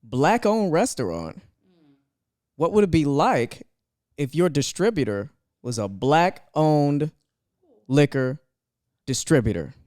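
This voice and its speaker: New guy, bartender type, talks real slow and easy on a podcast. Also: fairly high pitch, big pitch swings, a little mellow, no room sound, clean studio sound. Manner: unhurried, measured delivery with laughing asides. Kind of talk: casual chat.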